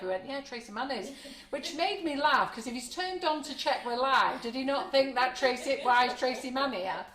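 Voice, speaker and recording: A woman's voice: a little high, moderate pace, fairly bright tone, reverberant. A woman hosting a live cake decorating demo, chatty and frank, laughing often. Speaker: baking show host. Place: home kitchen studio.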